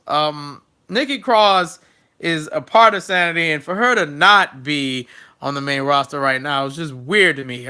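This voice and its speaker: An excitable young man runs through a wrestling recap on his own, chatty and quick to joke like a fan. His voice sits high and sounds very bright and sharp. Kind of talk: casual solo recap.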